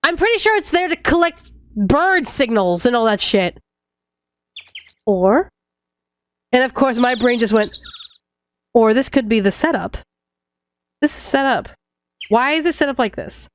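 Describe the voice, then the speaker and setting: A woman's voice: on the high side, lively intonation, measured pace, pauses often, slight background noise. A woman streamer chatting casually and rambling with jokes and swearing while playing a game. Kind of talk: casual gameplay chat. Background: game music.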